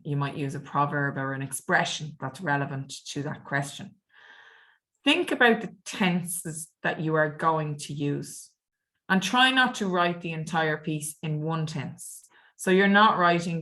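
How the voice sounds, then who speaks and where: A woman teaching an online French exam revision lesson, explaining clearly and patiently. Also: deep voice, measured pace, fairly bright tone.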